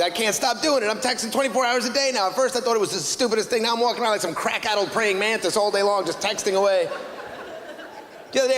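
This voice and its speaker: High-voiced wry man doing stand-up. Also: a bit bright. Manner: wry, exasperated storytelling. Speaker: stand-up comedian. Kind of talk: stand-up comedy routine. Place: stage in a club or hall. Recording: reverberant hall, noisy ambience.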